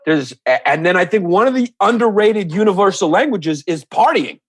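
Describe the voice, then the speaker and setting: A man's voice: high voice, expressive, normal speed, no echo. A man who is a guest on a podcast, chatting casually and joking in profane mock rants. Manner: profane, mock-ranting jokes.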